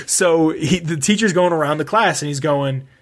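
A man's voice: fairly high pitch, normal speed. A young man telling a rambling school story in casual chat, self-mocking, swearing and laughing often.

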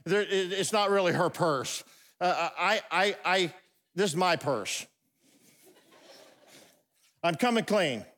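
A man's voice: high-pitched, animated, slow pace, long pauses, a bit bright. A middle-aged man preaching a sermon, telling a comic story with asides and stumbling restarts. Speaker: pastor. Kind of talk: humorous sermon. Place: large church hall. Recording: long hall reverb.

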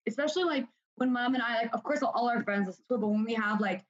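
A woman's voice: on the high side, quick pace, husky. A young adult woman co-hosting a podcast, gushing over a video call and saying "like" constantly. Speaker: podcast co-host. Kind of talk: casual chat on a video call. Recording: dull lo-fi video call audio.

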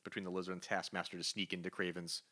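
A man co-hosting a comic book podcast, retelling stories with lively, acted-out character lines. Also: low-pitched, quick pace. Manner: animated storyteller, acts out characters' lines. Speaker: podcast co-host. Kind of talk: casual comic book review chat.

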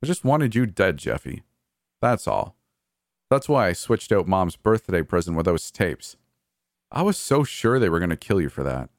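A man's voice: low voice, very animated, normal speed, no echo. Man playing a murderous brother, sneering, coldly cheerful, taunting, dry close sound. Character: mocking murderous adult brother, cold and gleeful. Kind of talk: horror story dialogue.

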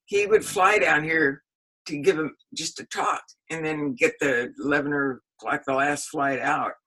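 Older woman historian, bright husky voice, rambling anecdotal interview answers. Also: deep voice, steady tone, normal speed, rough recording. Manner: rambling and anecdotal, laughs often. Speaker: historian and author being interviewed. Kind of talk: casual spoken recollection.

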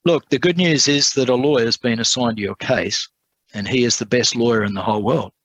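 A man's voice: medium pitch, a little fast, fairly bright tone, no room sound, dull audio, pitched above the performer's own voice, lightly acted. A man voicing a blunt, mocking male prison official in a told sermon story.

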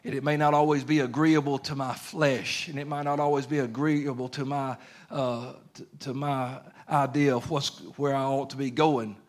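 An earnest man preaching a Bible lesson. His delivery is conversational and homespun rather than grand, with loose everyday grammar. His pitch sits in a middle range for a man. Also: little pitch movement, normal speed. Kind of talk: sermon.

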